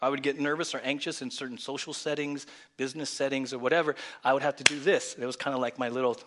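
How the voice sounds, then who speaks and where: A male pastor preaching a lively sermon, swinging from loud exclamations to hushed near-whispers and calling for congregation responses. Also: medium pitch, fast, hardly any pauses, a little hiss or hum. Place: church.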